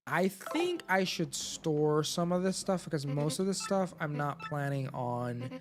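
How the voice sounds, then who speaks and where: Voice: mid-range voice, animated, unhurried, background noise. A game streamer giving live, rambling commentary, full of "like", while reading game text aloud. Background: video game music.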